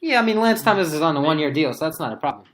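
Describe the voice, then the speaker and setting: A man co-hosting a sports podcast, thinking aloud in casual debate as he pitches hypothetical trades. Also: expressive, very fast. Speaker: podcast co-host.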